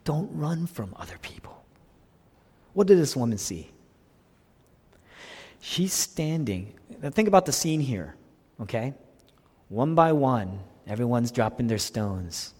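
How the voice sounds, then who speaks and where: A man preaching a sermon as pastor to his congregation, dropping to hushed whispers and then rising to loud, emphatic lines. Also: medium pitch, sing-song, slow, long pauses, breathy edge. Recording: long hall reverb.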